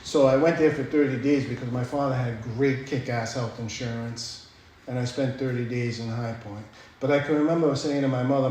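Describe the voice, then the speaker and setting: A man's voice: medium pitch, fairly even intonation, a little fast, a little mellow, slight background noise. A man telling his own recovery story at a speakers' meeting, blunt and profane, often tossing in "right?" as he talks. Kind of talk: personal recovery talk. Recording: very echoey room, faint ambience.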